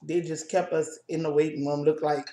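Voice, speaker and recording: A woman co-hosting a casual chat video, telling a personal family story in a halting, emotional way with many restarts. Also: low-pitched, little pitch movement, mellow, roomy sound. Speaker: co-host.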